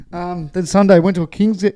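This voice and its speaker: A man, co-hosting a casual podcast chat, laughing often and telling stories with sweary banter. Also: high voice. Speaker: podcast co-host.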